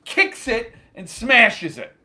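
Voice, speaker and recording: A man hosting his own channel, telling a story in an animated, joking casual chat. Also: very high-pitched, slow pace. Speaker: channel host.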